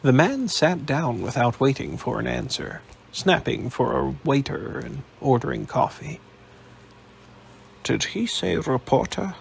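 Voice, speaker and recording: A man narrating an audiobook in a steady, even storytelling manner. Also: medium pitch, unhurried, vocal fry, hardly any pauses, slight background noise.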